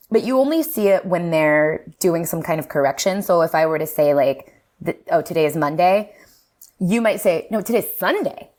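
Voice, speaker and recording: Guest linguist, woman, lower voice, animated and laughing, casual explainer. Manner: lively, animated, laughs often, fillers like "um" and "like". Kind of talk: casual explanatory podcast talk.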